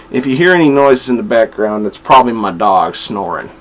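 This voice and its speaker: At home with his dog, a man rambles through casual comic book reviews for a vlog, full of fillers and restarts. His voice is mid-range and a bit bright.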